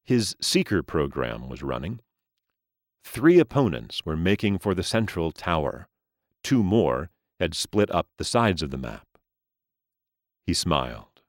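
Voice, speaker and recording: A man reading a story aloud as narrator, in a slow, expressive style. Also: sits low, no echo, studio quality.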